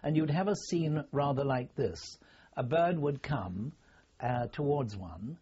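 Older man, husky voice, measured halting memoir talk, dull lo-fi recording. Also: mid-range voice, expressive, warm tone. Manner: halting, formal, with many pauses and fillers. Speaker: interviewee. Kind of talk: oral history reminiscence.

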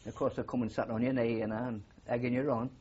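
A man's voice: mid-range voice, flat delivery, quick pace, a little mellow, lo-fi sound, a little hiss or hum. An older man with a Geordie accent, a war veteran telling rambling stories with many fillers in an oral history interview. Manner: rambling anecdotal storytelling with frequent fillers.

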